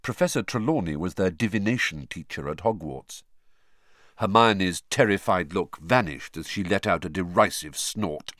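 A man narrating an audiobook with expressive storytelling. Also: low voice, moderate pace, no room sound, studio quality. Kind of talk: scripted narration.

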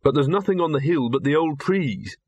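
A man's voice: on the high side, expressive, fairly quick, slightly rough, no room sound, voice pushed up. A man voicing an earnest, naive young man who speaks plainly and curiously in an audiobook.

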